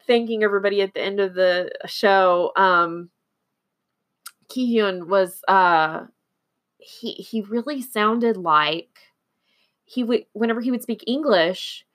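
A woman's voice: mid-range voice, slow pace, a bit bright. A woman from Oklahoma chatting casually as a host, rambling with fillers, restarts and frequent giggles. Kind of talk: casual chat.

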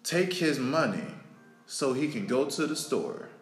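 A man, hosting a podcast and delivering an emotional, preachy monologue that repeats lines for emphasis and swings between loud and soft. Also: mid-range voice, sing-song, measured pace. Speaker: podcast host. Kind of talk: impassioned spoken monologue. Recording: roomy echo with faint music.

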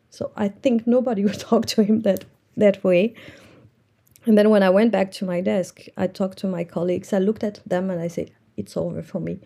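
A woman with a warm, mellow tone and a husky, slightly gravelly texture recounts a personal story. She speaks earnestly and reflectively, like an entrepreneur looking back on her working life. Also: mid-range voice.

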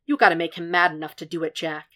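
A woman podfic reader voices a tired male profiler who stays calm and stubborn under pressure, talking low, flat and dry in her own lowish voice. He lays out his plans in level, unhurried sentences.

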